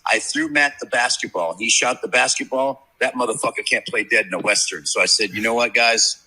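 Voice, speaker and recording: Brief: profane fifties sports bettor, bright forceful voice with husky grit, rambling yarns. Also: male voice, medium pitch, brisk, low-quality recording. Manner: brash, profane, rambling storyteller. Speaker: sports handicapper guest. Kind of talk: casual podcast chat, storytelling. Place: media row at a sports event.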